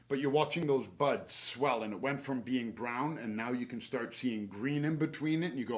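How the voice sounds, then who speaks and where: A horticulturist man talks through spring garden care in a relaxed, easygoing webinar. His voice sits at an ordinary middle pitch. He rambles a little, with plenty of "uh" and "um," and jokes at his own slips. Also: moderate pace, few pauses. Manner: chatty and relaxed, many fillers, laughs at himself; gives practical tips from his own yard. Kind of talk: casual instructional webinar.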